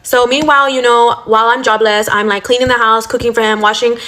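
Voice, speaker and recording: A young woman rattles off a storytime rant at a brisk clip, her voice sitting a little high. She is blunt and swears freely, packing every sentence with "like" and "you know". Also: steady tone, pushed and bright. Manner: blunt and profane, full of fillers like "like" and "you know". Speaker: storytime vlogger.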